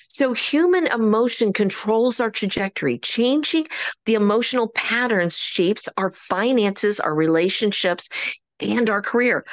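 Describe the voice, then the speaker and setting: A woman's voice: a little high, dry recording. A woman giving an upbeat motivational talk as coach at an online meeting, preaching and acting out quoted conversations. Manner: upbeat, preachy, acts out quotes in animated voices.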